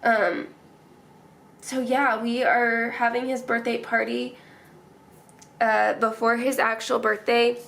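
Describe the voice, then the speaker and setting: A woman's voice: a little high, level tone, slow, gravelly, long pauses, fairly bright tone. A young woman vlogger chatting casually and emotionally as she decorates her planner, rambling and laughing often.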